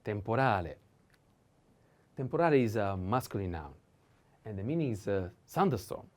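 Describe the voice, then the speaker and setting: A man's voice: fairly low pitch, big pitch swings, brisk, a little mellow. A man with an Italian accent teaching a whiteboard lesson, pronouncing each word several times and explaining in non-native English.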